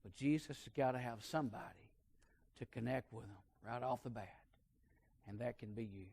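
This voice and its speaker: A man preaching a sermon, telling a folksy story and swinging between hushed and loud emphasis. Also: mid-range voice, normal speed, creaky, husky.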